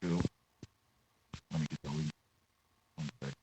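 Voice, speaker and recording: A deep-voiced Australian man chats casually, prodding with teasing, probing questions. A faint hiss sits under his voice on the call. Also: fairly even intonation, unhurried, dark tone, low-quality recording. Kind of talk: casual chat.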